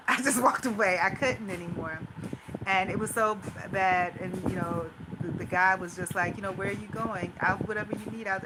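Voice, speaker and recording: A woman vlogger talks through her worries in a rambling, run-on way, anxious and restless. Her pitch sits in a middle range. A steady hiss of background noise runs under the recording. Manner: anxious, talks things out in loose run-on asides. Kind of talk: rambling personal venting monologue.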